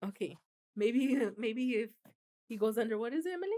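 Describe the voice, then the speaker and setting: A woman's voice: a little high, lively intonation, fairly quick, dark tone. A woman in her thirties co-hosting a podcast, chatting casually, laughing often and swearing freely. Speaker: podcast co-host. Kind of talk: casual chat.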